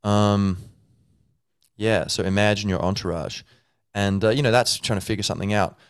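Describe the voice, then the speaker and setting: Low-voiced man rambling casually. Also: steady tone, normal speed, smooth, no room sound, clean studio sound. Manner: rambling, thinking aloud, lots of fillers, playful. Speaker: podcast host. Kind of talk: casual solo talk.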